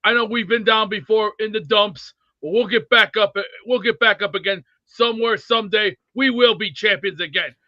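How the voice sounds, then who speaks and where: A man playing a cranky, blustery older male sports fan who rambles and rants excitably. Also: high voice, normal speed, few pauses, no room sound, lightly acted. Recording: dull dry lo-fi sound.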